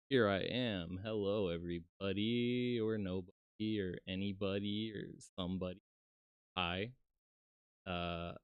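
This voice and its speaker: A man's voice: sits low, smooth, no echo. A man streaming as a VTuber, chatting casually and rambling in a self-deprecating way with lots of fillers, close to his desk microphone. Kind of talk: casual live-stream chat.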